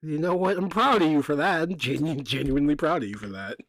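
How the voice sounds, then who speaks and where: A man's voice: fairly high pitch, fast, fairly bright tone, no echo. Dry-quipping man in a dry room. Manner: dry quips, often dropping to a mumble. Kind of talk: casual chat.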